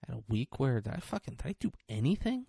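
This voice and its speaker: A man's voice: mid-range voice, big pitch swings, fast, gravelly, mellow, husky, no echo, studio quality. A young man hosting a podcast in loose, joking banter, swearing freely. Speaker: podcast host.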